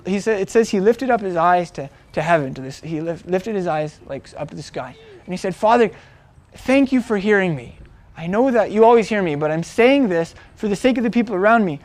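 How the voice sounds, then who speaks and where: A man with a noticeably high voice retells a Bible story in a relaxed, chatty teaching style. He talks like he is telling friends about it, full of "like" and "um", restarting his sentences as he goes. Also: no room sound. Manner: conversational, animated retelling with many fillers and restarts. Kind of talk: casual storytelling sermon.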